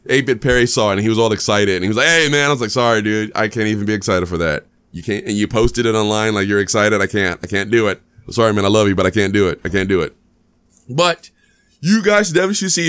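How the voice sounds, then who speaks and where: A man hosting a podcast, chatting casually about a movie, animated and rambling, repeating himself often and restarting his sentences. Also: mid-range voice. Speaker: podcast host. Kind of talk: casual movie review chat.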